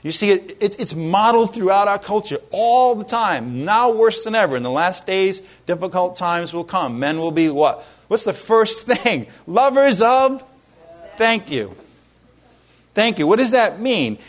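A high-voiced pastor preaches a sermon in a conversational way, asking his congregation questions and building up to loud exclamations.

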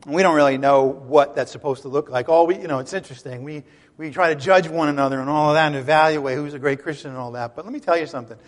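Man, high voice, animated pastor delivering a sermon with emphatic bursts, recorded in a reverberant hall. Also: fast talker. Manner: animated, emphatic preaching with conversational asides.

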